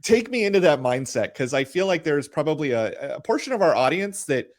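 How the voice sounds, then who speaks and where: A man's voice: on the high side, big pitch swings, brisk. A man co-hosting a podcast interview, laid-back and joking, pressing his guest with probing questions. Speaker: podcast co-host.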